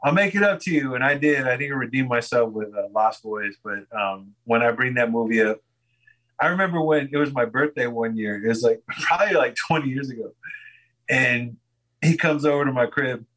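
A man's voice: medium pitch, moderate pace, fairly bright tone, poor audio. A man guesting on a podcast, telling a rambling story in casual chat and laughing often.

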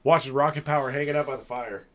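A man's voice: medium pitch, steady tone, fast, a bit bright. A man in casual podcast banter, jokey and rambling, swearing freely.

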